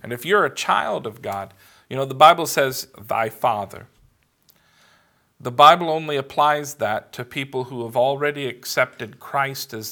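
A male pastor delivers a sermon in an earnest, measured way, pausing to stress his points. He speaks slowly, with a bright, forceful edge to his voice. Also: mid-range voice, creaky. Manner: earnest, measured preaching with emphatic pauses.

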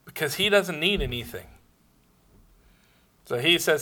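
A man's voice: on the high side, lively intonation, unhurried, sharp tone. A man preaching a sermon, telling a personal story with laughs and acted-out dialogue. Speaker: pastor.

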